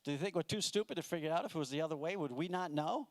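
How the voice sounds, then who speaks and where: On a comedy club stage in front of a live audience, an American man performs stand-up into a mic. His voice is a little high and rapid-fire, and he sounds exasperated and mocking as he acts out the people in his jokes.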